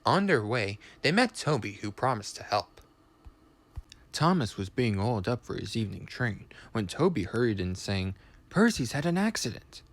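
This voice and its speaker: A man reading a children's storybook aloud in an expressive, lively way. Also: on the low side, normal speed.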